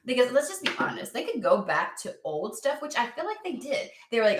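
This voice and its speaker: A woman's voice: fairly high pitch, big pitch swings, fairly quick, background noise. Blunt, chatty woman in an echoey room. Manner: chatty and blunt, swears freely. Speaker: tarot reader. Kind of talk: casual spoken tarot reading.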